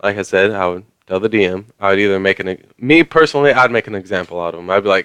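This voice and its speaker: His low voice comes out fast, clear and resonant, a bit bright, with no room sound. He is a vlogger ranting casually to viewers, rambling with lots of fillers and mild swearing.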